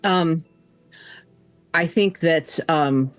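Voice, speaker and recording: A man's voice: fairly high pitch, extremely slow, clear, resonant tone, dry recording, soft background music. A man playing a tabletop horror game, hesitantly describing his character's panic with many fillers. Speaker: player. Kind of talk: casual tabletop role-play.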